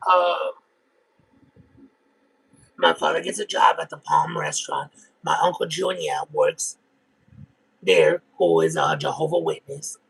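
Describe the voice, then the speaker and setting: A man's voice: on the high side, unhurried, gravelly, pauses often, a bit bright, husky, heavily acted, poor audio. A man voicing a brash, crude trailer-park woman smoker who rambles through gossip in a comedic character monologue.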